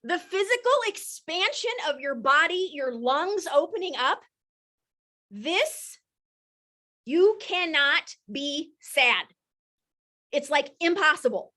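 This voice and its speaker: A woman in her thirties or forties, hosting a live coaching session with energetic, motivational enthusiasm. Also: high-pitched, slow pace, long pauses. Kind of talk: live-streamed coaching talk.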